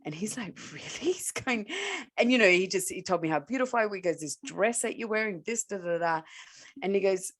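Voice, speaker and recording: A woman, a podcast co-host and coach, telling a personal story in casual chat, animated and laughing often. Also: mid-range voice, fairly quick.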